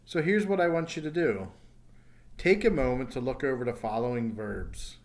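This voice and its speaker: A man's voice: medium pitch, lively intonation, normal speed. A man teaching an English pronunciation lesson, speaking carefully and repeating each sound for learners. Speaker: ESL teacher.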